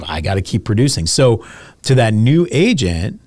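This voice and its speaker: This real estate agent, a podcast guest in his thirties, has a mid-range voice with big pitch swings and a slightly mellow quality, recorded without echo. At a moderate pace he shares candid interview stories in a relaxed way, sprinkling in "like" and a curse now and then.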